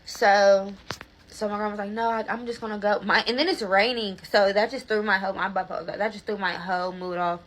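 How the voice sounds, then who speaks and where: A woman's voice: medium pitch, steady tone, fairly quick, fairly bright tone, a little hiss or hum, poor audio. A young woman telling a rambling storytime, filler-heavy and swearing freely, with frequent restarts. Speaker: vlogger. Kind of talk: casual storytime vlog.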